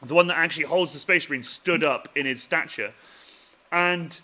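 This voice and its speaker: A man hosting a casual chat, telling animated stories that trail off quietly at the end. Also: moderate pace. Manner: animated storyteller, voice drops low and trails off at the ends of stories. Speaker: host.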